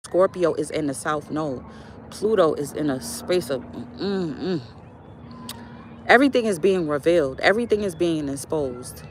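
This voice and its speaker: Animated woman telling a story outdoors. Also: low-pitched, measured pace, slight background noise. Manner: animated, filler-heavy, preachy asides. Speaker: spiritual vlogger. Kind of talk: casual storytelling monologue.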